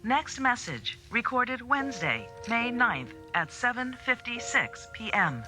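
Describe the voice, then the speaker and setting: A woman's voice: fairly high pitch, big pitch swings, unhurried, bright, forceful tone, faint music behind, heavily acted. An actress voicing a female automated voicemail system in a TV drama, making formal announcements. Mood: neutral.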